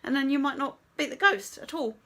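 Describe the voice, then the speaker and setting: A woman's voice: high-pitched, brisk, sharp tone. A woman ranting about a video game, exasperated, swearing a lot and laughing often. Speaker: gaming vlogger. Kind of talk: sweary gaming rant.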